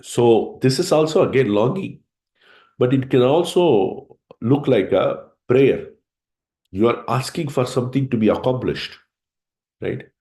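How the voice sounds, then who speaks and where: A man teaching a scripture class. He recites Sanskrit verses and explains them in an earnest, unhurried way, often checking in with his listeners. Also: medium pitch, expressive, mellow, reverberant.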